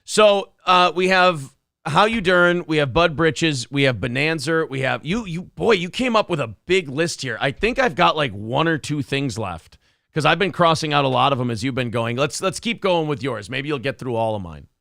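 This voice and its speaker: A man's voice: a little high, lively intonation, normal speed, gravelly, bright, forceful tone, no echo, studio quality. A male morning show host, bantering crudely and joking with his co-host. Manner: crude, joking, swears freely. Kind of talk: casual radio show banter.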